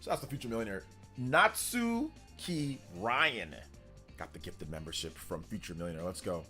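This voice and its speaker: A man's voice: lowish voice, expressive, normal speed, bright, forceful tone, faint music behind. A man hosting a casual live stream, hyped up, reading out and thanking donors as he chats. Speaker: livestream host.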